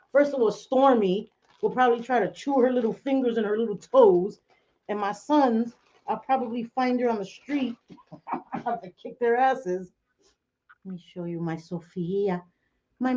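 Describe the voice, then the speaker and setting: A middle-aged woman hosts a casual livestream from home, chatting, laughing often, and greeting viewers by name. Her voice is a little high with a warm tone, carried over dull lo-fi stream audio.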